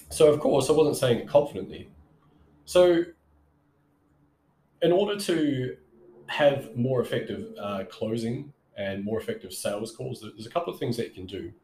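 A man's voice: moderate pace, a little mellow. Rambling male sales coach, echoey room. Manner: conversational, rambling with frequent fillers and self-corrections; demonstrates vocal tones with shifts in pitch. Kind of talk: casual advice monologue.

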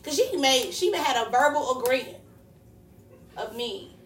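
A woman's voice: high voice, a little slow, a little hiss or hum. A woman from co-hosting a casual podcast, telling stories animatedly and acting out the people she quotes. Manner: animated storyteller, acts out quotes. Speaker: podcast co-host. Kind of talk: casual chat. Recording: echoey room, distant mic.

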